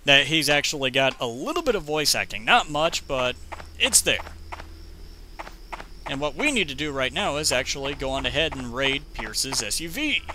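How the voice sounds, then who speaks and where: A man giving rambling, jokey gameplay commentary, talking fast when he gets excited. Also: mid-range voice, noisy background. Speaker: let's play commentator.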